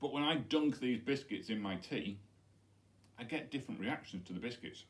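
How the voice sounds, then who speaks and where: A man's voice: mid-range voice, lively intonation, normal speed. A middle-aged man, a head teacher, chatting playfully to pupils while demonstrating with props in a school video message.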